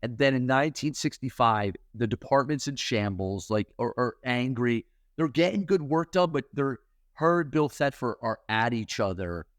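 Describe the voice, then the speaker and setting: A man's voice: mid-range voice, animated, moderate pace, no room sound, clean studio sound. A middle-aged man hosting a spiritual talk, telling a story in a loose, chatty way with lots of fillers. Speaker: host and spiritual teacher.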